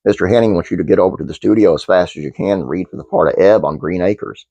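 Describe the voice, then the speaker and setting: A man's voice: low-pitched, fast talker, vocal fry, dark tone, slightly rough, no echo, lo-fi sound. A man hosting his own channel, reading a trivia script aloud with fillers and restarts, then chatting casually to viewers. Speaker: channel host.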